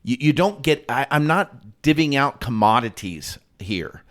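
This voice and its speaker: Man, co-host, casual faith chat, ponders aloud, restarts often, mid-pitched voice. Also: animated, unhurried. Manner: thinks aloud, restarts, acts out quoted lines. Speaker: podcast co-host. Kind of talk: casual Bible discussion.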